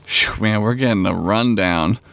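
A man co-hosting a podcast, laughing often and trading quick banter. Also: fairly low pitch, creaky, a bit bright. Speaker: podcast co-host. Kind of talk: casual comedic chat.

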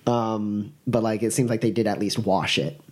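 A man's voice: fairly low pitch, steady tone, normal speed, a little mellow, husky. A man narrating as game master in a casual, loose way, full of fillers.

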